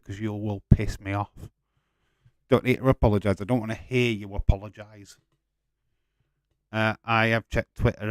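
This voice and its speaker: A man's voice: lowish voice, clean tone, no room sound. A man hosting a live watch-along stream, chatting casually, swearing freely and laughing while he reads viewer comments.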